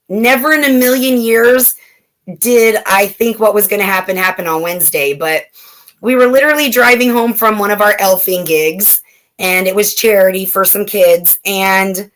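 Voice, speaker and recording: A woman's voice: medium pitch, a bit bright. Chatty woman telling personal stories. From California, USA. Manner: chatty, with many fillers and restarts. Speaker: guest. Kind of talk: casual storytelling chat.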